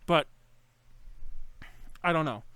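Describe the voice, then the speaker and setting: A little high and sharp-toned, this podcast host speaks slowly over an online call on a home computer mic, with clean sound and no room sound. He keeps things casual, rambling and correcting himself while laughing often.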